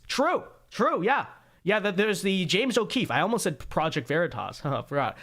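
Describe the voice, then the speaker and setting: A man's voice: high-pitched, big pitch swings, normal speed, a bit bright. A man hosting a political commentary livestream, talking in a sarcastic, mocking way with joking asides. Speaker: host.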